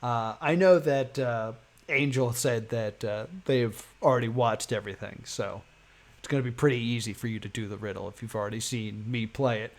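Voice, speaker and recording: Fields: Sex: man. Role: live streamer. Style: casual storytelling. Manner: animated, laughing. Pitch: average. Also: moderate pace. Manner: animated, laughing, acts out the people in his story.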